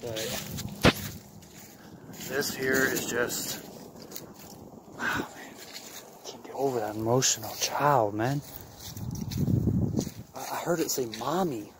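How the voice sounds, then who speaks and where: A man ghost-hunting on camera, excitable, swinging between hushed whispers and loud outbursts. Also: medium pitch, slow, long pauses. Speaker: paranormal investigator vlogger. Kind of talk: ghost-hunting vlog commentary. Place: outdoors at night at an abandoned site. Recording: loud outdoor noise with crickets. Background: crickets and insects.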